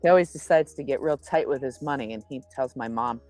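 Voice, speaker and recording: Low-voiced woman with dry humor. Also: fast, darkish tone, faint music behind. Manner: playful, dry humor, tells family anecdotes. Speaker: co-host guest on stream. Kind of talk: casual chat.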